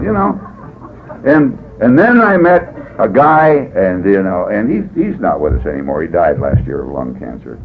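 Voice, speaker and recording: A man from California speaking at a recovery meeting, telling his story in a folksy, rambling way, often adding "boy" and "you know.". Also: low voice. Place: meeting hall. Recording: tinny phone-like 1980s tape, faint hiss.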